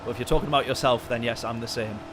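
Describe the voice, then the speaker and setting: A man commentating live on a sim-racing stream, chatting with viewers in his chat and getting excitable in the race. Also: mid-range voice, rapid-fire, noisy background. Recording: game music behind voice. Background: game music and car engine sounds.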